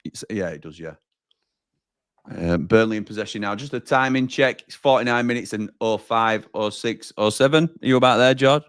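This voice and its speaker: Bloke hosting a football watchalong, low voice, dry close sound, chatty banter. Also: male voice, normal speed, a bit bright, clean tone, dry recording. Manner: reads out viewer comments, chatty banter. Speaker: watchalong host. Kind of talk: live football watchalong chat.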